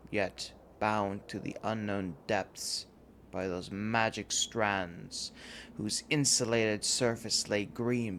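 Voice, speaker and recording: Slow, low-voiced male horror narrator. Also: a bit bright, slight background noise. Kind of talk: scripted horror story reading. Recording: faint background music under the voice.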